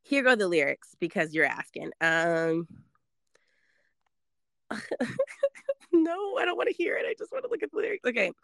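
A woman in her thirties, hosting a casual chat, animated and laughing as she talks. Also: medium pitch, normal speed, creaky, long pauses, dry recording, clean studio sound. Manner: animated, laughing, reads lyrics aloud playfully.

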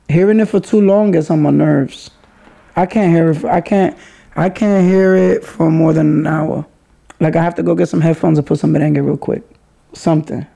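A young Bronx man hosts a casual solo podcast, chatty and playful, often correcting himself mid-sentence. His voice is high-pitched, creaky, and mellow.

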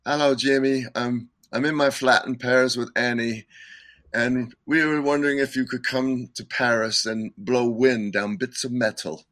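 A man's voice: mid-range voice, steady tone, moderate pace, a bit bright, no echo, close to an everyday voice. A man mimicking a breezy British caller. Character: chatty British man leaving a phone message.

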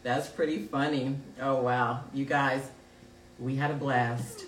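A woman's voice: extremely low pitch, little pitch movement, slow pace. A middle-aged woman hosting a casual live show, reading viewer comments aloud and laughing often. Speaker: host of a live call-in show. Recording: roomy, distant mic with faint background noise.

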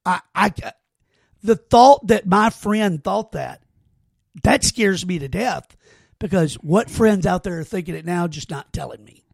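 A man's voice: high-pitched, expressive, a little slow, vocal fry, dry recording, clean studio sound. A man hosting a podcast, telling stories in a casual, earnest way with many false starts and restarts. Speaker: podcast host. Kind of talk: casual heartfelt conversation.

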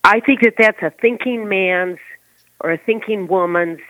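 A man's voice: high-pitched, measured pace, dry recording. A man co-hosting a talk show, giving emphatic opinions in casual chat over a phone line.

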